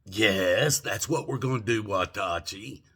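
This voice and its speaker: Gravelly older man on an angry rant. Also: on the low side, a little slow, bright, forceful tone. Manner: profane, indignant, repeats rhetorical questions. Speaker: vlogger.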